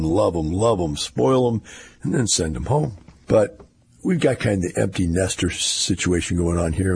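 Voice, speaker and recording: A man's voice: sits low, gravelly, a little mellow, slight background noise. An older man, giving a rambling, folksy casual monologue with wry asides.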